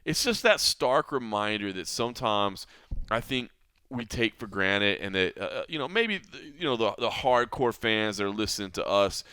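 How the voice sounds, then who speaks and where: A man's voice: lowish voice, expressive, normal speed, pushed and bright, smooth, dry recording. A man hosting an MMA podcast, talking in an earnest, reflective way with frequent restarts. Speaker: podcast host. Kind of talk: casual MMA podcast talk.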